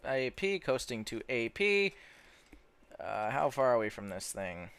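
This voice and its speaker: A man's voice: mid-range voice, sing-song, slow, a bit bright, smooth. Rambling young man narrating gameplay. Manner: rambling, stumbles over words, easily amazed. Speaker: gameplay commentator. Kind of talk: casual gameplay commentary.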